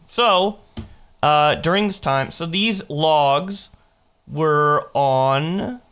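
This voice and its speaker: A man with a fairly high, bright, forceful voice gives casual live-stream commentary. He rambles through chat logs, mocking the quotes as he reads them out, and restarts himself while checking dates.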